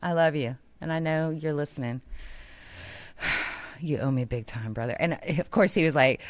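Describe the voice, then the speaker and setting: A woman radio co-host, chatting casually and telling an animated story, acting out other people's lines. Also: low-pitched, normal speed. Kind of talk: casual on-air banter and storytelling.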